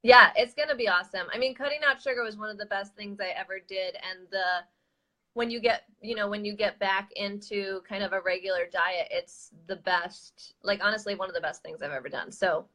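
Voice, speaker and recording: A woman's voice: medium pitch, brisk. A woman hosting a casual chat, telling a funny story with lots of laughter. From United States. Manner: animated storyteller, laughs often. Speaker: host.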